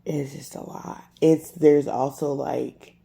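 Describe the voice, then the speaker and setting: A woman talking to camera in a personal confessional vlog, halting with lots of fillers and restarts, upset and irritated, a bit congested. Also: low voice, little pitch movement, vocal fry, warm tone, slight background noise. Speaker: vlogger.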